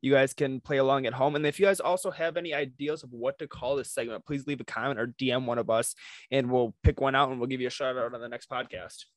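A man's voice: medium pitch, steady tone, fast talker, no echo, clean studio sound. A man co-hosting a podcast, chatting casually and laughing at his own attempts. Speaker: podcast co-host. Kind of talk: casual chat. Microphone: podcast microphone.

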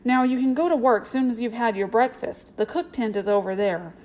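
A stern, fatherly circus boss speaks in a firm way, as a woman reads him aloud. The voice sits fairly high in a storybook reading. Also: brisk, a little mellow, lightly acted.

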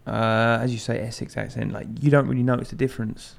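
A man's voice: medium pitch, flat delivery, quick pace, creaky. A young man co-hosting a podcast in casual chat, rambling, swearing freely and laughing often. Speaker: podcast co-host.

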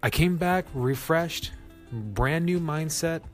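A man hosting a casual solo gaming podcast, chatty and self-mocking, often jumping up in pitch to stress a point. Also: slow, soft background music. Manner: chatty, self-mocking, laughs at his own jokes; animated, jumps up in pitch for emphasis. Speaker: podcast host.

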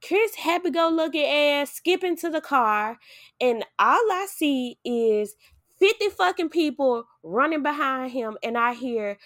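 A woman hosting a podcast, telling a personal story in casual chat, animated, acting out what people said and swearing freely. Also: high-pitched, measured pace, dry recording, studio quality.

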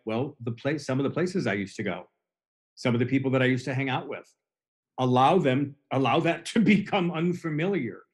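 A man in the host's chair who coaches more than he chats. He talks earnestly at a mid pitch and loops back over his own phrases to press a point home. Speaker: host. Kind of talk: recovery podcast conversation.

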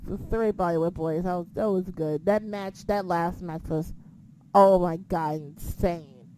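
A young woman co-hosting a casual wrestling chat, excitable and profane, laughing often. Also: fairly low pitch, measured pace, noisy background.

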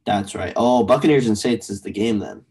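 A young man co-hosting a casual sports podcast, animated and blunt, swearing casually as he argues picks. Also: on the low side, normal speed, slightly rough. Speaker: podcast co-host.

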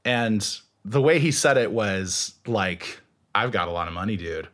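On the low side and a touch slow, this male voice belongs to a guest in an easygoing interview. His storytelling is animated, with frequent laughter and acted-out quotes.

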